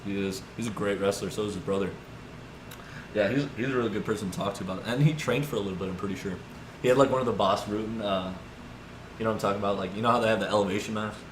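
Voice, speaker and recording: Young male podcast host, low-ish voice, loose rambly storyteller, roomy echo, noisy background. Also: racing. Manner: rambling, lots of "like" and "dude", animated retelling. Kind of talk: casual storytelling chat. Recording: echoey room with background noise.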